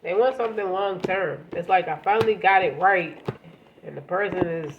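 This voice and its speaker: A woman's voice: lowish voice, normal speed, muffled recording, noisy background. A woman with a congested, stuffy voice giving a casual tarot reading, talking straight to the listener and often repeating words as she goes. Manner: conversational, repeats words, speaks directly to the listener. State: congested from a cold. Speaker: tarot reader.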